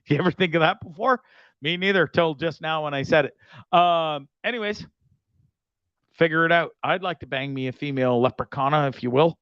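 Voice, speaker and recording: A man's voice: on the high side, moderate pace, pauses often, a bit bright, clean tone, dry recording, highs cut off. A man hosting his own show, reading sponsor spots in a rambling, profane, joking way. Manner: rambling, profane, jokey, restless. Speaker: show host. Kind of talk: casual show monologue with sponsor reads.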